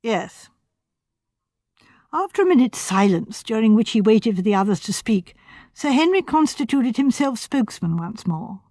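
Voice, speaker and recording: Woman narrator, measured audiobook reading, higher voice, dry close sound. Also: big pitch swings, warm tone, dry recording. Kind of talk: scripted narration.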